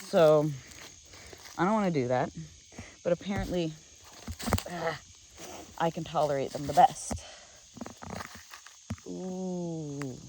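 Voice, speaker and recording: An adult vlogger rambles through a frustrated vent while walking a woodland trail outdoors, speaking at an ordinary mid pitch. The talk is loose and halting, full of fillers and restarts. Faint insects and crickets hum quietly in the background. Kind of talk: casual venting vlog while walking.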